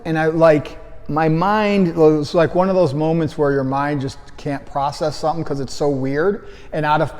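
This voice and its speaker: A man's voice: on the high side, darkish tone. A man who coaches fitness and founded his own gym, telling a casual anecdote that rambles, raising his voice to act out what people said. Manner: rambling storyteller who acts out quoted lines in a raised voice. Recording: long hall reverb.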